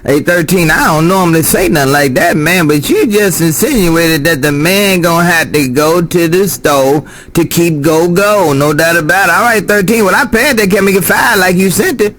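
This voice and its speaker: A man's voice: high voice, normal speed, hardly any pauses, fairly bright tone. A man talking casually over a CB radio handset, drawling and repeating his catchphrases. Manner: drawling, repeats "no doubt about it". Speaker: CB radio operator. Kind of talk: CB radio chatter.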